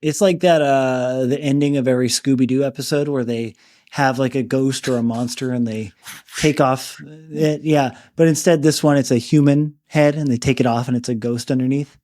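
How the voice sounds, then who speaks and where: A man's voice: mid-range voice, steady tone, normal speed, warm tone. A man co-hosting a book podcast, retelling a story in a loose, chatty way full of "like" and "you know". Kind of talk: casual book discussion.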